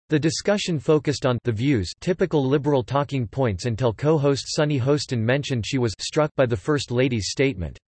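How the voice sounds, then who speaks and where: A man narrates a written news piece in a steady, even read. His voice sits at an ordinary middle pitch for a man. The sound is dry and close, with no room around it. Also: dry recording.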